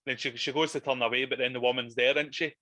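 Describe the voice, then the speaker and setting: A man's voice: mid-range voice, steady tone, fast, bright, forceful tone, no echo. A man in casual, sweary chat about a horror film, laughing often.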